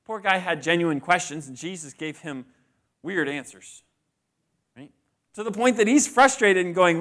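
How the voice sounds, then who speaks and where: Preaching in a conversational style, this man often asks the congregation questions. His high, fairly bright voice is animated, moving at normal speed with long pauses.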